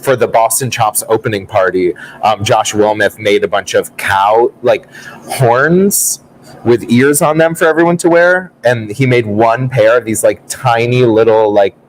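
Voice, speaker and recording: A man's voice: mid-range voice, a little slow, low-quality recording. A man co-hosting a morning talk show, asking questions and teasing in casual chat. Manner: curious, asks questions, teasing.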